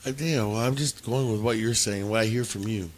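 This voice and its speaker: A man's voice: fairly low pitch, fairly quick. A man co-hosting a casual podcast, brash and joking, laughing often and trying out put-on accents. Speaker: podcast co-host. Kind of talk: casual chat.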